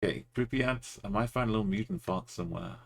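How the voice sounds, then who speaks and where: Guy streaming a geo game, husky voice, mumbling little comments to himself. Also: on the low side, fast talker. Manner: musing, muttering short remarks. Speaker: streamer playing a geography game. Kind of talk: casual commentary while playing.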